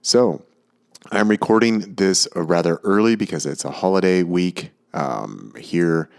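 A man's voice: deep voice, a little slow, creaky. A man in his forties hosting a podcast in a chatty, easygoing way. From United States. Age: 40s. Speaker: podcast host. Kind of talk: casual podcast talk.

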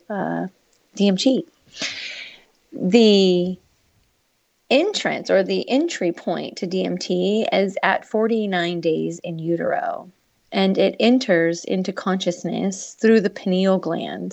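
A woman explaining her views in conversation, in an unhurried, reflective way with frequent pauses. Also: fairly low pitch, vocal fry, darkish tone, no echo.

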